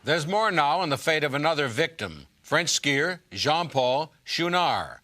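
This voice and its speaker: The lead anchor of a TV newscast, smooth and authoritative as he passes stories along. His voice is bright and forceful. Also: on the high side, sing-song, unhurried, exaggerated voice. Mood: measured. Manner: smooth, authoritative hand-offs. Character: male TV news lead anchor. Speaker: news anchor. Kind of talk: scripted TV news anchoring.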